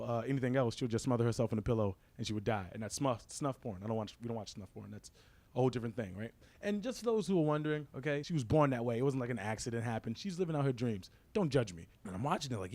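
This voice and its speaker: A young man doing a crude stand-up comedy routine, telling a story and tossing "right?" to the crowd. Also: medium pitch. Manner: fast, crude storytelling with frequent "right?" asides.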